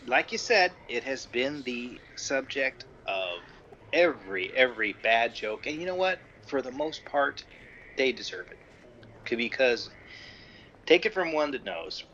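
A man's voice: medium pitch, pushed and bright, dull audio, slight background noise. A man co-hosting a comedy food podcast, playfully posing as a pompous expert. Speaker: podcast co-host. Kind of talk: comedic casual chat.

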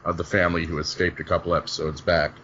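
A man's voice: low-pitched, little pitch movement, quick pace, fairly bright tone. A man hosting a casual podcast recap, joking and swearing as he retells the plot. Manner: jokey, profane, laughs often. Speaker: podcast host. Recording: dull lo-fi audio with faint hiss.

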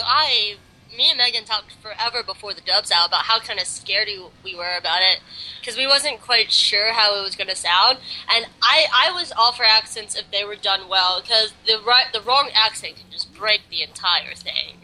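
A woman's voice: mid-range voice, normal speed, pushed and bright, low-quality recording. A young woman co-hosting a casual chat, rambling and giggly with lots of fillers. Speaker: podcast co-host.

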